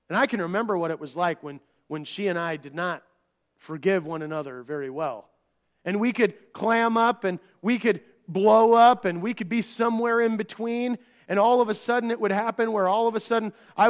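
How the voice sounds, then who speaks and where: A middle-aged man preaching a sermon, earnest and conversational, often restarting phrases and acting out quoted dialogue. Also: high voice. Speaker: pastor.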